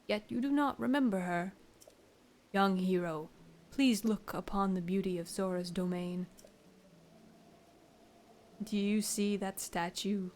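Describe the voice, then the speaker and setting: A woman voicing a kindly old king of a fish-like folk in a video game, speaking slowly and formally. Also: medium pitch, darkish tone, close to an everyday voice. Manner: slow, measured and formal.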